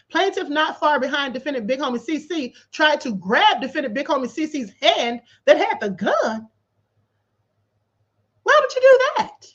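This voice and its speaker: A high-voiced woman hosts a livestream, reading from a court filing and breaking in with sarcastic, disbelieving commentary. Her pitch swings widely as she talks. The audio is dull and lo-fi. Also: a bit bright. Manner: incredulous and sarcastic, laughing in disbelief. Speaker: livestream host. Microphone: livestream setup.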